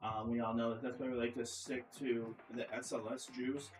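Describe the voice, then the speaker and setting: A young man co-casting an esports stream with playful deadpan jokes. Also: medium pitch, normal speed. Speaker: esports caster. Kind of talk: casual co-casting banter. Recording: roomy echo, faint music.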